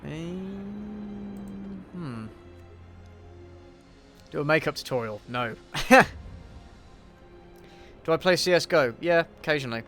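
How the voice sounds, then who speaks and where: A man's voice: on the high side, slow pace, long pauses, a bit bright, soft background music. A man hosting a casual livestream Q&A while he plays a game, answering chat in an offhand, sweary way and muttering to himself mid-game. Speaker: YouTube host.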